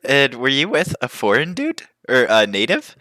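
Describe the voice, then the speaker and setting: A man's voice: mid-range voice, big pitch swings, normal speed, bright, forceful tone, no room sound, studio quality, pitched above the performer's own voice. A man voicing a polite ten-year-old boy who speaks careful, formal English. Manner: stiff, overly formal phrasing.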